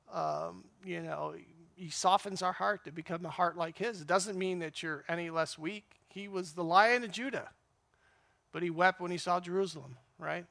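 A man's voice: on the high side, gravelly, fairly bright tone. A man giving an informal, rambling church talk to a men's group. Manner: conversational, rambling with fillers.

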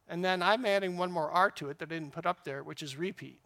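A man's voice: high voice, fast, creaky, pushed and bright. A man giving an informal, rambling church talk to a men's group. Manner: conversational, rambling with fillers.

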